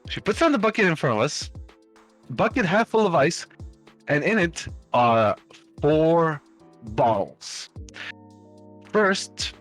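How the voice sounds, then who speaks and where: A man's voice: medium pitch, fairly bright tone. A man casually telling a long anecdote on a live stream, rambling with lots of fillers and restarts and swearing freely. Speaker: stream host.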